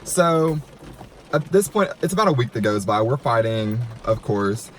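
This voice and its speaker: Young male vlogger, mid-pitched, gossipy and animated, lots of "like.". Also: measured pace. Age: 20s. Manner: chatty, dramatic, lots of "like". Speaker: YouTuber. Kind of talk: storytime vlog. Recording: noisy room.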